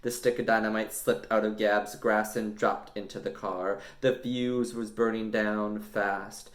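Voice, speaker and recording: A man reading a children's book aloud, narrating with lively drama. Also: on the low side, a little slow, echoey room. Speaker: storyteller.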